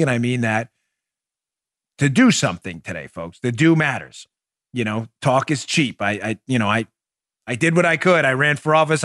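A man hosting a political podcast, giving animated and sarcastic solo commentary that often slides into mocking asides. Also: mid-range voice. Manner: animated, sarcastic, breaks into laughter.

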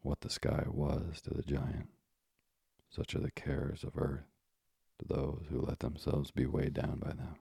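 A man narrating a classic storybook in a measured, old-fashioned manner, with moralizing asides. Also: rumbling low, monotone, vocal fry, warm tone, breathy edge, no echo, clean studio sound.

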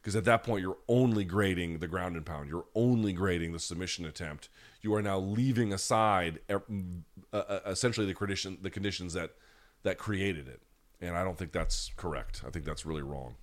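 A man's voice: low voice, fairly quick. A man hosting a live chat, ranting bluntly and with plenty of profanity, now and then mocking people in put-on voices. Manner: mocks others in put-on voices. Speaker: host.

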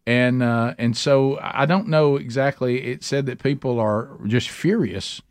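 A male talk radio co-host, mid-pitched, in loose studio banter. He stumbles and restarts a lot, filling gaps with "uh" and "um". The booth is dry and close. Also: no room sound. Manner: halting, restarts, many fillers.

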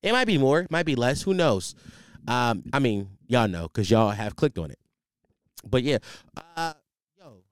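Young man as podcast host, animated and profane, clear voice on a close studio mic. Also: mid-range voice, measured pace, pauses often, no room sound. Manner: animated, profane, rambling with restarts. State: tired, sleepless. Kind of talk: casual storytelling monologue. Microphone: studio microphone.

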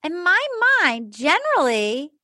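A woman hosting a podcast, chatting casually and retelling scenes with emphatic, animated storytelling. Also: high-pitched, a little slow, no echo. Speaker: podcast host. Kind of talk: casual chat recapping a dating show.

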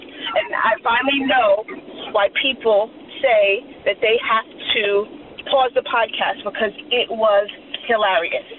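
A woman's voice: fairly high pitch, slow. A woman from Maryland leaving an enthusiastic, giggly voicemail message. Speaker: caller. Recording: tinny phone line with background hum.

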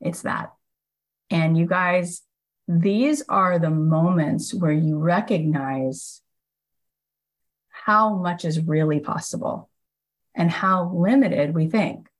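A woman with a low, deep voice hosts her own show and tells a story in a loose, chatty way. She jumps into the voices of the people in the story and fills her speech with "like" and "he goes.". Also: slow pace, rough recording. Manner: lively storyteller who acts out quoted speakers; casual, with frequent "like" and "he goes". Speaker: podcast host. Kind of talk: storytelling monologue.

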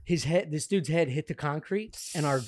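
A higher-voiced man tells a rowdy story on a comedy podcast. He swears freely and does everyone's lines himself. The sound is close and dry. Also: moderate pace, dry recording. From Pennsylvania. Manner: animated, swearing, acting out quotes. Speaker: podcast co-host. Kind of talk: storytelling in casual chat.

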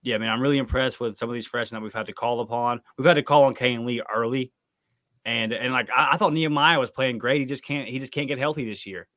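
Man, sports podcast co-host, casual recap chat, heated emphatic rants, middle-pitched voice. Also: quick pace, fairly bright tone.

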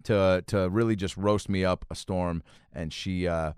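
Smooth-voiced man hosting a crude, rambling podcast. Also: sits low, fairly even intonation, unhurried, no echo, studio quality. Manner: rambling and profane, with many restarts and laughter. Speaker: podcast host. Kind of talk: casual comedic podcast banter.

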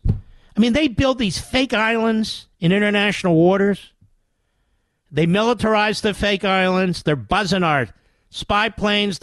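A man's voice: high voice, fairly bright tone, no echo. A man hosting a political talk radio show, delivering combative, mocking commentary.

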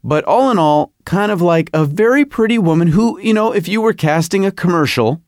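A middle-aged man hosting a podcast, telling a comic story in a rambling, animated, self-mocking way. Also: high-pitched, fairly quick, no echo, studio quality. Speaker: podcast host. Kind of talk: comedic podcast monologue.

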